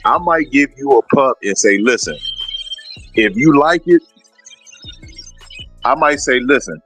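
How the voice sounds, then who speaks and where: A man talking in a casual livestream conversation as a guest breeder, animated and telling stories, acting out what other people say. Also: medium pitch, unhurried, husky, faint music behind, poor audio.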